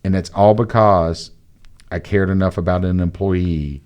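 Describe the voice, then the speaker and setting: A man, a guest on a podcast, telling a personal story in a casual, animated way and acting out the dialogue. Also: sits low, a little slow, clean tone, highs cut off. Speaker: podcast guest, entrepreneur and mentor.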